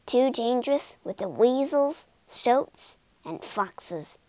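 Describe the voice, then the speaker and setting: A cheerful, self-assured water rat, read by a woman, breezy and knowing. His voice swings lively up and down at an unhurried pace, close and dry like a bedtime storybook. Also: a little high, no room sound.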